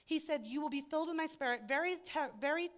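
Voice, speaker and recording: A woman's voice: sits high, fast. A woman teaching an adult Bible study in an earnest, reflective way that rises to emphatic points.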